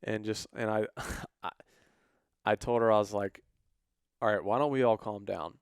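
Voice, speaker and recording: Lively man telling a story. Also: on the low side, moderate pace, clean tone, no room sound, clean studio sound. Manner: animated, acts out quoted voices. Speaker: podcast co-host. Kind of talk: casual storytelling.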